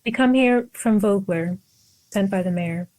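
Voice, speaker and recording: A woman's voice: medium pitch, unhurried, a little mellow, low-quality recording. A woman player speaking in character in a tabletop game, sassy with hesitant fillers.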